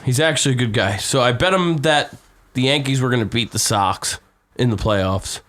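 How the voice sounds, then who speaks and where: A man's voice: mid-range voice, normal speed, a bit bright. A drunk man on a casual podcast, telling a rowdy, profane story and acting out the quotes. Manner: rowdy storyteller, swears a lot, acts out quotes. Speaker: podcast host.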